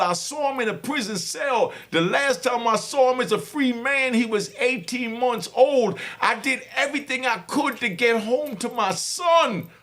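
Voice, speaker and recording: A middle-aged man talking to his viewers with fervent, preaching passion and bursts of shouting. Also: extremely high pitch, vocal fry. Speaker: host. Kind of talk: impassioned talk to viewers.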